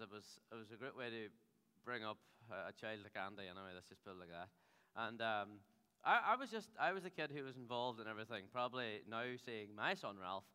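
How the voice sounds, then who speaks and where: Male pastor in his thirties, jokey rambling sermon, crisp bright voice, theatre hall reverb. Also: on the low side. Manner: humorous, rambling storyteller.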